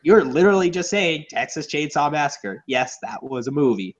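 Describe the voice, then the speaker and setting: Male co-host, sarcastic casual riffer, higher voice, muffled lo-fi recording. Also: normal speed. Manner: sarcastic, swears freely, animated. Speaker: podcast co-host. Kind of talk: casual movie review chat. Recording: dull lo-fi audio.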